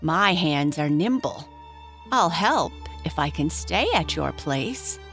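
A woman's voice: low voice, animated, slow pace, a bit bright, soft background music, full character voice. A woman voicing a tiny, fussy, well-spoken male grub in a read-aloud storybook.

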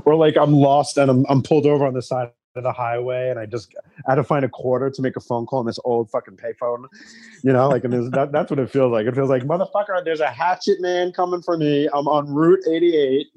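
Animated, profane man who laughs often. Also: mid-range voice, fast, lo-fi sound. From Long Island, New York. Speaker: guest, psychic. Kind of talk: casual chat.

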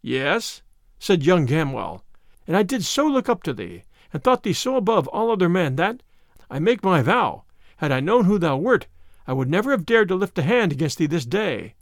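A man's voice: high-pitched, very animated, normal speed, dry recording, studio quality. A man playing Will Gamwell, an earnest young fellow.

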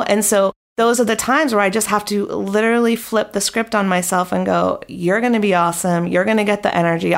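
Female podcast guest, candid and cheerful, conversational. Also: mid-range voice. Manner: upbeat, candid, chatty. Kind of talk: casual interview.

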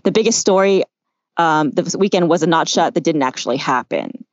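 Woman host on a video call, relaxed and chatty with fillers, lowish voice, muffled dry audio. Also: fairly quick, no room sound. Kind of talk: casual online chat.

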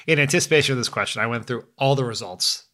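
A man co-hosting a political podcast, talking in quick bursts with plenty of emphasis. His voice sits at an ordinary middle pitch, and he sounds lively and animated throughout. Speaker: podcast co-host. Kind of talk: casual political chat.

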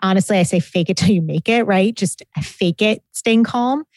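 A woman giving calm, measured parenting advice in a casual chat. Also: medium pitch, no echo, rough recording.

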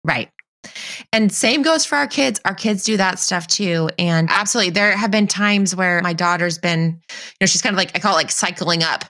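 A middle-aged woman hosting a podcast, chatting and telling a lively anecdote while acting out the voices she quotes. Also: lowish voice, normal speed. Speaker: podcast host. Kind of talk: casual conversation.

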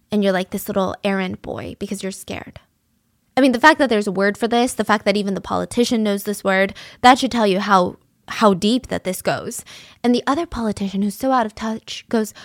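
A woman's voice: medium pitch, fairly quick, no room sound, clean studio sound. A woman hosting a show, retelling a true-crime case in a casual, indignant way with plenty of fillers.

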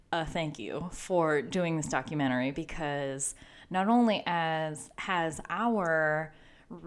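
A woman co-hosting a podcast in casual chat, with an easygoing, encouraging manner. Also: sits low. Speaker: podcast co-host.

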